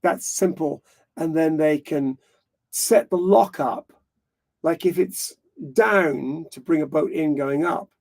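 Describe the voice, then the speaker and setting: Gravelly, mellow-voiced man chatting live. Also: a little high. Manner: rambling, self-correcting, laughs often. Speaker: livestream host. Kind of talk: casual live-stream chat.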